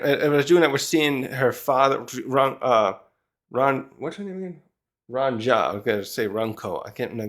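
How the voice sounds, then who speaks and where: A man's voice: medium pitch, fairly bright tone. Rambling man recapping a comic chapter. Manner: rambling, thinking aloud as he recaps. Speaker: manga chapter reviewer, channel host. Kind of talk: casual commentary.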